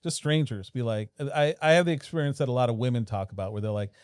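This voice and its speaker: A man's voice: mid-range voice, fast talker, clear, resonant tone, no echo. A man with an American accent hosting a casual comedy chat, blunt and dry, fond of arguing. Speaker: comedy podcast host.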